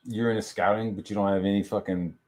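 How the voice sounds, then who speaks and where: A man's voice: on the low side, steady tone, fast talker, a little mellow. A young man on a stream, ranting in a rambling way and swearing heavily. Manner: crude, rambling, heavy swearing. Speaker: stream guest. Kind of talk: profane ranting stream talk.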